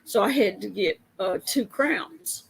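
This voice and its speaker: A woman's voice: mid-range voice, measured pace, vocal fry, low-quality recording. A woman police officer telling a casual story to camera, chatty and laughing often as she goes.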